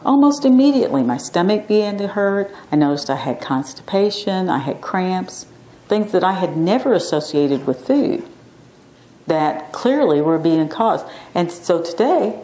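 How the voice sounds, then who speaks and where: A middle-aged woman, an acupuncture physician, giving an informal class lecture and acting out stories with lively quoted voices. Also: lowish voice, normal speed. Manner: chatty storyteller, acts out quotes animatedly. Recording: echoey classroom.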